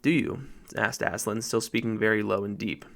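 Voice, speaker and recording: A man narrating a children's novel in a measured storytelling read. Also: on the low side, flat delivery, gravelly, a bit bright. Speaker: audiobook reader. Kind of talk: audiobook narration.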